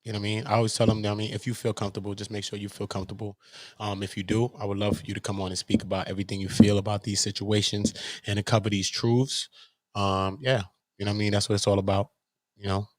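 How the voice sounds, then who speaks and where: A man's voice: lowish voice, flat delivery, quick pace, no room sound, studio quality. A man hosting his own channel, ranting in a confrontational, profane way and firing off rhetorical questions. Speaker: channel host. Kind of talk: heated livestream rant.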